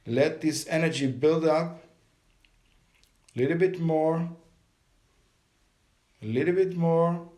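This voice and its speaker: Slow-speaking man guiding a meditation. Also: a little high. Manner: calm step-by-step breathing instructions. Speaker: meditation guide. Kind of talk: guided meditation.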